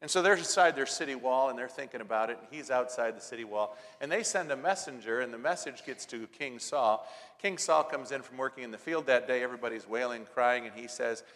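A man delivers a sermon in an even, middle-pitched voice. He tells the story conversationally, then pushes key lines hard and drops to quiet asides. The sound carries a long reverb, as if from a church sanctuary. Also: brisk. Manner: emphatic, swinging between loud stresses and soft asides; storytelling with repeated rhetorical lines. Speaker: preacher.

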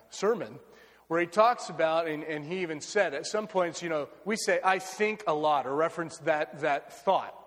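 A man's voice: fairly high pitch, fairly bright tone, long reverb tail. An American man preaching a sermon, earnest and repeating key phrases for emphasis. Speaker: pastor.

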